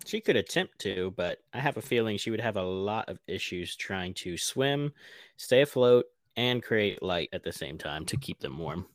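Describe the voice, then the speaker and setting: Animated man in a dry recap chat. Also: fairly low pitch, normal speed, dry recording. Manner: animated, swears freely, acts out characters' lines. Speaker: podcast co-host.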